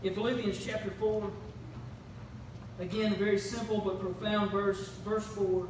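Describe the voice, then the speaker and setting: A male preacher with a high-pitched voice and flat delivery speaks at normal speed in a church sanctuary. His sermon is earnest, full of questions and storytelling, and the room is echoey with faint noise.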